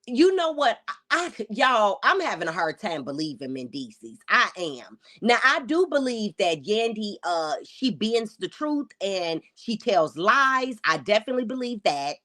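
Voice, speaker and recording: A woman's voice: medium pitch, big pitch swings, measured pace, pushed and bright. A woman hosting a casual livestream, reacting to clips and talking straight to her chat in an exclamatory, chatty way. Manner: chatty and exclamatory, addresses viewers directly. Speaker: livestream commentary host.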